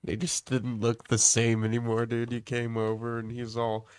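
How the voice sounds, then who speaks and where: A man's voice: mid-range voice, completely flat delivery, moderate pace, a little mellow, clear, resonant tone, no echo, studio quality. A man co-hosting a podcast in casual chat, blunt and swearing heavily. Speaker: podcast co-host.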